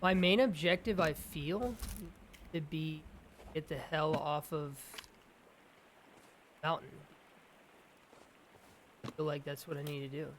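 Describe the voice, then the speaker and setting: Young male gaming host, excitable let's-play chatter, slightly higher voice, faint background ambience. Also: slow, pauses often, a little hiss or hum. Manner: excitable, talks to his game companion. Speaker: gaming YouTuber.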